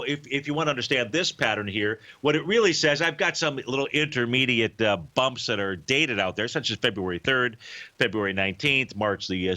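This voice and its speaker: A man hosts a live trading show with a bright, forceful tone at an average pitch. He talks casually and loosely, stopping for fillers as he walks through charts. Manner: casual, rambling, with many fillers. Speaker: radio show host, market analyst. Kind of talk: live financial talk show.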